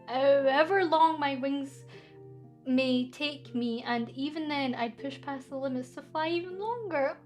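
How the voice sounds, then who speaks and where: A young woman streaming a casual chat, reading viewer comments aloud in a bubbly, giggly way. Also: sits high.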